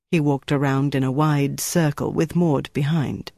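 Steady audiobook narrator, dry sound. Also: mid-range voice, creaky, no echo. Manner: steady, measured storytelling. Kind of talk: scripted narration.

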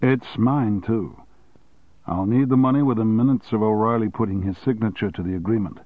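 A man reading an audiobook and voicing a calm, cautious male adviser who speaks in a measured way. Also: on the low side, dry recording, natural voice.

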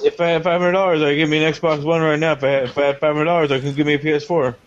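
A man's voice: a little high, little pitch movement, rapid-fire, a crowd in the background. A man co-hosting a casual podcast, making offhand, joking remarks. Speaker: podcast co-host. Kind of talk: casual chat. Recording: dull podcast recording with faint hiss.

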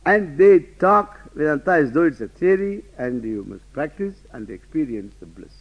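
Emphatic high-voiced man lecturing. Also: lively intonation, moderate pace. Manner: rhetorical questions, emphatic, laughing asides. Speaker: Vedanta teacher. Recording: dull lo-fi lecture recording.

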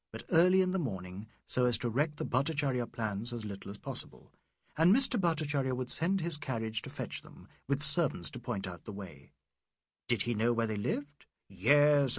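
Male audiobook narrator, husky and very expressive, measured, dry close sound. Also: mid-range voice, dry recording. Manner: measured literary reading. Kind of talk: scripted narration.

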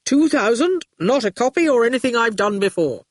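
An audiobook reader voicing a polite but stubborn middle-aged father, pitched higher and firm. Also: animated, a little fast, dry recording, clean studio sound, natural voice. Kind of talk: audiobook character voice.

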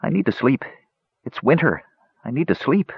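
A man's voice: mid-range voice, big pitch swings, normal speed, creaky, husky, no room sound, dull audio, voice pushed up, heavily acted. A man voicing a confused, sleepy young male squirrel who talks in a plaintive, drowsy way.

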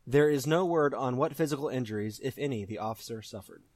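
A man's voice: mid-range voice, fast talker, darkish tone, no echo. A man hosting a casual quiz, reading strange news articles aloud in a wry, mock-formal way. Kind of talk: casual podcast banter.

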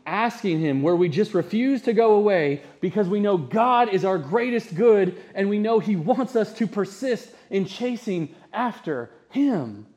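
A man's voice: high voice, lively intonation, measured pace, hardly any pauses, a little mellow. A man preaching a sermon as pastor, conversational, often asking the congregation rhetorical questions.

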